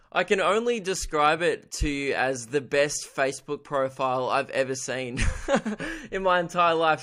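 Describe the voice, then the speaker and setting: Rambling Australian comedian, bit high. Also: male voice, a bit bright. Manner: rambling, irreverent, laughs often at his own jokes. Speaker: comedian podcast host. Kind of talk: solo comedy podcast monologue.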